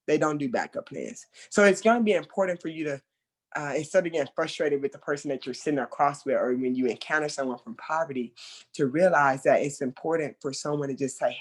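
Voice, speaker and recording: A mentor trainer walks through a training session loosely and conversationally, speaking quickly at a medium pitch. The delivery is animated: remembered quotes get acted out loudly, and laughter breaks up the points.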